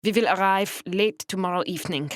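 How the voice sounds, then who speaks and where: A woman's voice: on the low side, brisk, no room sound, voice pushed up, close to an everyday voice. A woman voicing a stern German woman passenger who speaks curtly with a thick German accent. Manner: curt, snappish.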